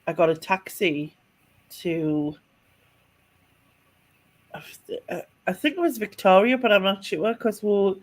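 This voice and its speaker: A woman, co-hosting a casual podcast. She tells her story in a rambling way, full of restarts and small laughs, at an ordinary middle pitch. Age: 40s. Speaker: podcast co-host.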